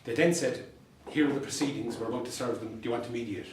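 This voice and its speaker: An Irish man addresses a room of fellow lawyers, spinning dry-humoured anecdotes with punchlines he repeats for effect. His voice sits at an ordinary middle pitch. He is picked up from some distance in an echoey meeting room, with a faint hum behind him. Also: fast talker. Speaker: solicitor and mediator giving a talk. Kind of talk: anecdotal presentation to a professional audience.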